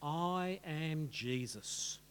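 A man voicing a solemn divine voice speaking from heaven, slow and grave. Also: a little high, animated, a bit bright, slight background noise, pitched below the performer's own voice, full character voice.

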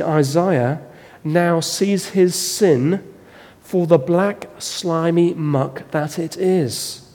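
A man preaches a sermon with a somewhat raised pitch, leaning into a story at a very slow, deliberate pace. His voice rings out through a large hall with long reverb. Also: dark tone. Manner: slow, dramatic storytelling delivery.

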